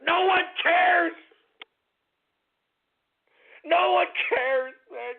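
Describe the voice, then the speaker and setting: A man's voice: extremely high pitch, slow pace, gravelly, very noisy. A radio host man in a melodramatic on-air rant, whining, sobbing and swearing as he repeats himself, tearful. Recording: tinny phone-like lo-fi audio.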